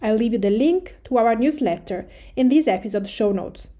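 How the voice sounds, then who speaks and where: A Tuscan-born woman with an Italian accent, a native Italian speaker, hosting her podcast and talking to listeners in a calm, conversational, measured way. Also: fairly high pitch. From Tuscany, Italy. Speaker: podcast host and food writer. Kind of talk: personal podcast address.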